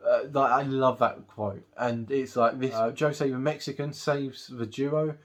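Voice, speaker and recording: A man in a casual movie review vlog, talking at an everyday middle pitch. He recaps the plot loosely, pausing often on ums and uhs as he goes. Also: steady tone. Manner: rambling recap with many fillers. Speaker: film reviewer.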